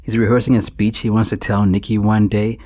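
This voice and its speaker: A man's voice: fairly low pitch, flat delivery, a little fast, darkish tone. A man giving a comedic movie commentary and acting out characters' lines. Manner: joking, acts out characters' lines.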